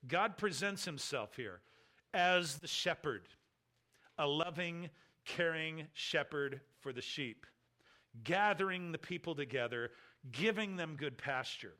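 A man delivers an expository sermon with a bright, forceful tone and a slightly high pitch. He teaches carefully, lifting his voice to stress a point and then dropping it low and soft. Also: expressive, takes it slowly. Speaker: pastor.

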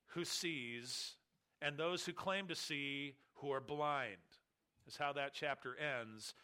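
Male pastor, slightly high and bright tone, emphatic expository preaching with deliberate repetition. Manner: emphatic, repeats key words, explains Greek terms. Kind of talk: expository sermon.

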